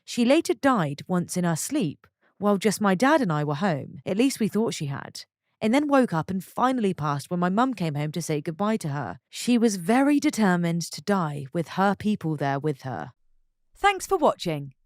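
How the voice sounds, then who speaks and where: A woman's voice: lowish voice, big pitch swings, moderate pace, dry recording, studio quality. A woman narrating a string of short posts from an online forum, reading them one after another. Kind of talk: scripted story narration.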